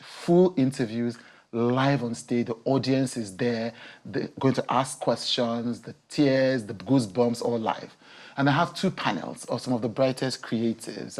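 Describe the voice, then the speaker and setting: Woman talk show host on a tv studio couch, animated and emotional, laughs a lot. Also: a bass voice. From Nigeria. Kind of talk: TV studio interview.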